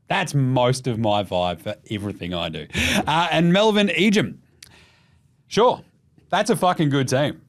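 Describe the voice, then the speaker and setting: An Australian man hosting a casual basketball podcast, swearing freely and putting on quick voices for jokes. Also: medium pitch. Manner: animated, profane, mimics voices for jokes. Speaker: podcast host.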